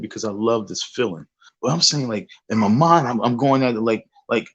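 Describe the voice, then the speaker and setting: A man's voice: on the high side, husky, no echo, rough recording. A middle-aged man giving rambling, profane reaction commentary as a vlogger, restarting his sentences over and over. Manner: excitable, repetitive restarts, profane street talk.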